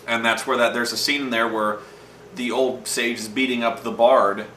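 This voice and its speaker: A man's voice: mid-range voice, steady tone, normal speed, bright, forceful tone, slight background noise. A man hosting a show, telling gaming stories in a rambling, profane, casual monologue and acting out the lines he quotes. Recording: roomy echo from a distant mic.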